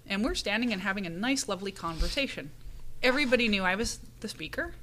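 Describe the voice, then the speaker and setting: Lively woman telling a story. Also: medium pitch, fast, a little hiss or hum. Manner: animated storyteller, acts out quoted lines, laughs often. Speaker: podcast panelist and conference speaker. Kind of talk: casual chat, storytelling.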